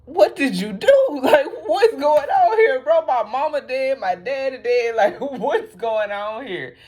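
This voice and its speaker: A woman's voice: high voice, lively intonation, a little slow, a little mellow, pitched above the performer's own voice. Sasuke, a woman doing a young man outraged. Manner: exasperated, laughing through the words. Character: outraged young man confronting his brother.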